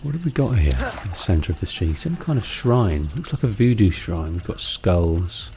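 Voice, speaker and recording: A man's voice: low voice, big pitch swings, moderate pace, warm tone, a little hiss or hum. A man hosting a let's play, chatting casually and musing aloud about what he sees in a game. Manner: musing, chatty, with fillers and restarts. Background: game music.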